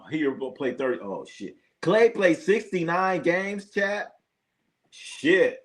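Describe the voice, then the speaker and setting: A man's voice: high-pitched, a bit bright. A man hosting a live sports stream, chatting loosely with his viewers and swearing freely. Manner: loose, profane, reacts to chat. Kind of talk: casual live-stream chat.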